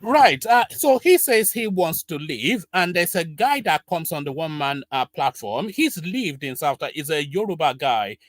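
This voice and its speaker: A man's voice: on the high side, big pitch swings, normal speed, hardly any pauses, dry recording. Musing male reaction host, dry sound. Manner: musing, hesitant, many uhs. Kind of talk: reaction commentary.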